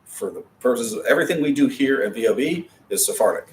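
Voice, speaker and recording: A man's voice: mid-range voice, animated, quick pace. A man teaching an adult Hebrew class, explaining patiently with chatty asides. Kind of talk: classroom lecture. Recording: distant mic with faint background noise.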